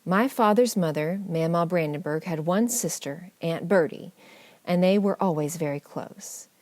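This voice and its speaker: A woman narrating a family memoir audiobook in a measured, gently wry storytelling manner. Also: fairly low pitch, dry recording.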